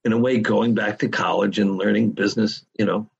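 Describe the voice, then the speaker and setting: A man's voice: fairly low pitch, steady tone, a little fast, creaky, breathy edge, lo-fi sound. A middle-aged man, a podcast guest, telling his story in a candid, casual way and swearing freely.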